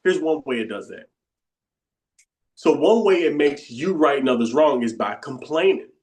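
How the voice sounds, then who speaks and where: Teaching a bootcamp session, the coach talks in a slightly high, expressive voice with a darkish tone at a moderate pace. He keeps it conversational, repeating phrases and acting out inner voices under his breath.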